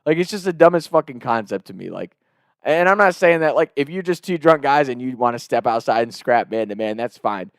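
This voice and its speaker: A man's voice: medium pitch, lively intonation, brisk, dry recording, studio quality. A man in his thirties from Ohio and Kentucky, telling a story in a loose, rambling, profane way. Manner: loose, swearing, rambling with "like" fillers.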